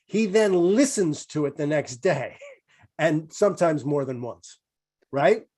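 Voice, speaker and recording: A man with a fairly high, slightly mellow voice and lively intonation takes his time as a comedian guest on a video call. He rambles casually, clearly amused by himself, with many fillers.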